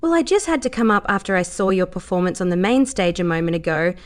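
A woman's voice: medium pitch, expressive, quick pace, natural voice. A woman voicing a cheerful, naive young dancer with a Southern accent, talking in a bubbly, gushing way.

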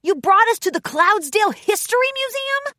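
A woman's voice: very high-pitched, lively intonation, normal speed, sharp tone, no room sound, studio quality, voice pushed up, exaggerated voice. A woman voicing a brash, tomboyish young female pegasus pony who hollers eagerly in a storybook reading. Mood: excited.

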